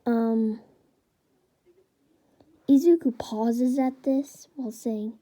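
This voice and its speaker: Breathy woman narrator, slow, dark-toned, halting improvised storytelling. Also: a little high, low-quality recording. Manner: hesitant, many fillers and restarts. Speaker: fan storyteller.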